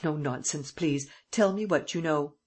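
Cocky, commanding gentleman-burglar man read by a reader, husky tone, middling pitch, audiobook. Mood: menacing. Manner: brisk, mocking, commanding. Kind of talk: audiobook dialogue reading.

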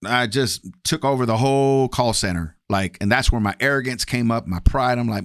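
A man's voice: medium pitch, brisk, fairly bright tone, dry recording, studio quality. A man telling his personal testimony in a casual, candid way, acting out past conversations with shifting voices. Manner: candid, acts out past dialogue with varied voices. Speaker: guest sharing testimony.

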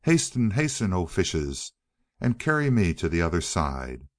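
Storybook fox, sly and falsely polite, a man doing it, low and animated. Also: a little slow, no echo, clean studio sound. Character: sly cunning male fox.

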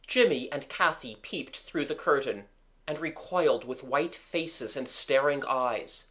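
An audiobook reader giving scripted narration with expressive, lively storytelling. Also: mid-range voice, a little slow.

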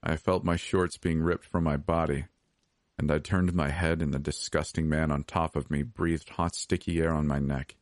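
Deep-voiced man narrating a horror story. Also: little pitch movement, moderate pace, dry recording, clean studio sound. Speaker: podcast narrator.

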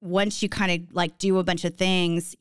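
A woman's voice: lowish voice, flat delivery, moderate pace, smooth, no room sound, studio quality. A woman in her fifties chatting candidly as a podcast guest, laughing often. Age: 50s. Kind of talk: casual chat.

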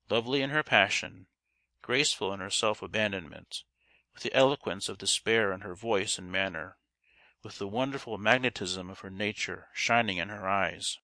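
Male audiobook reader, measured and expressive, bright gravelly tone, dry close recording. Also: lowish voice, no room sound. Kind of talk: scripted narration of a Victorian novel.

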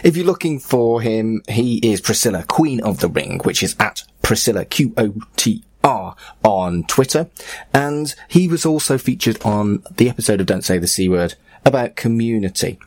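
Low-voiced podcast host. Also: male voice, animated, normal speed, a little mellow, no room sound. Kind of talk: casual introductions.

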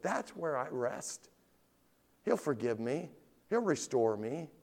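A man preaching a sermon, swinging between loud rising questions and low quiet asides, and reading scripture in a heightened, drawn-out voice. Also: very animated. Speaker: pastor.

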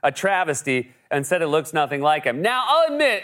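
A man's voice: a little high, big pitch swings, a little fast, few pauses, heavy background noise. Sarcastic male late-night host. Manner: sarcastic, mocking impressions. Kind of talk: comedic monologue. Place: television studio with audience.

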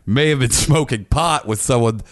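A man's voice: mid-range voice, moderate pace, no echo, studio quality. A man in casual podcast banter, laid-back and swearing often.

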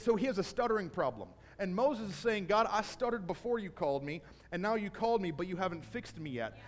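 A man preaching a sermon to a congregation in a church, telling Bible stories and building to a shouted call to action. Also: sits high. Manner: builds from storytelling to shouted exhortation. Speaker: pastor. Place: church sanctuary. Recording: long hall reverb.

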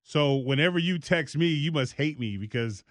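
A man co-hosting a casual studio chat. He tells his stories with energy and often jumps into high, mocking voices for the people he quotes. His voice sits a little high for a man, and the sound is close and dry. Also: moderate pace, no echo. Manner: animated storytelling, jumps into high mock voices. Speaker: podcast co-host.

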